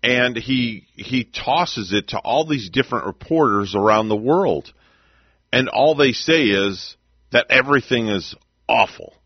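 A man's voice: medium pitch, no room sound, lo-fi sound. A man hosting a morning radio show, chatting casually with a rambling, easygoing manner. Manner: chatty, rambling, laughs along with clips.

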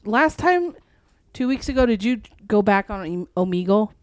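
A woman's voice: medium pitch, expressive, normal speed, no room sound. A woman co-hosting a podcast, teasing her friend and exclaiming playfully while watching a video chat. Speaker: podcast co-host.

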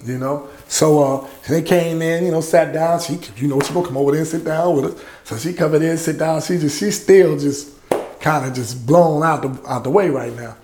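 A middle-aged man, a music producer telling lively anecdotes in an interview and acting out the people he quotes. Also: on the high side, brisk, echoey room, a little hiss or hum. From Louisiana. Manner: lively anecdotes, acts out quoted voices, laughs often. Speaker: music producer and label head, interview guest. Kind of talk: animated storytelling in a podcast interview.

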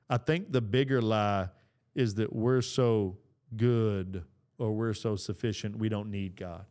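Middle-aged male podcast host, earnest preacher delivery with casual asides, smooth clear voice. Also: mid-range voice. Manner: earnest, exhorting, with casual fillers. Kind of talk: preaching-style talk.

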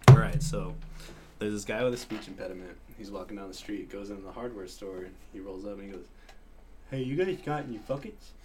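A man's voice: low-pitched, fairly even intonation, fast talker, noisy background. A man co-hosting a podcast in casual chat, telling long jokes and stories and swearing freely. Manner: storyteller, swears freely, breaks into loud laughter. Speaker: podcast co-host.

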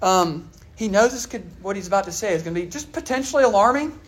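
The preacher talks fast with lively intonation at a medium pitch, keeping his sermon conversational by questioning those listening. Fillers like "all right" and "uh" come up again and again.

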